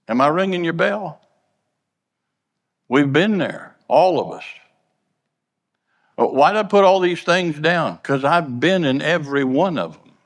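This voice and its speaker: A man's voice: on the high side, animated, unhurried, long pauses, long reverb tail. A man preaching a sermon in a plainspoken, folksy way, earnestly repeating and stumbling over words.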